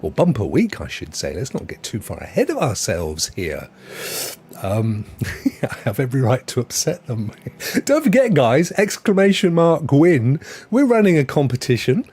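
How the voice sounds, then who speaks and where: Animated, chatty male stream host. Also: mid-range voice, normal speed, slight background noise. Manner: chatty and jokey, laughs at his own jokes. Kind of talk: casual live-stream chat.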